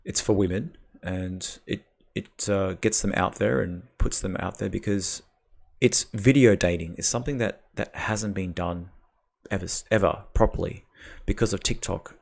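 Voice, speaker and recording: A man's voice: low-pitched, normal speed, creaky. A man hosting a live dating call-in stream, talking in a rambling way with restarts and emphatic bursts. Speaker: host of dating call-in show. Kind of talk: casual live-stream chat.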